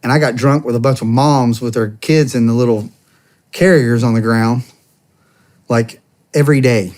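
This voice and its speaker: A man's voice: medium pitch, moderate pace. A man in his thirties, a podcast guest, telling a loose, slangy story with laughs, acting out the dialogue. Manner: animated, acts out dialogue in quoted voices. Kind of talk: casual storytelling.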